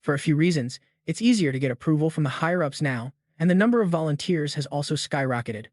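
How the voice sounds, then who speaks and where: A man's voice: fairly high pitch, animated, quick pace, no echo, studio quality, natural voice. A man reading the lines of an earnest, outspoken young man in a recap story.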